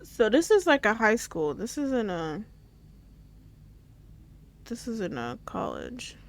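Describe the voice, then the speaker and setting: A woman's voice: a little high, wildly swooping pitch, slow. A woman gaming streamer giving casual commentary, giggling, stumbling over words as she reads aloud, and swearing casually. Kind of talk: casual let's-play commentary.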